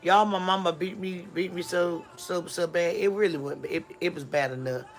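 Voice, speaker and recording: A woman's voice: on the low side, normal speed, soft background music. A woman hosting a live stream, telling a rambling storytime and acting out the dialogue. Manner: animated storyteller who acts out dialogue; rambling, frequent restarts and asides. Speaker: livestream host.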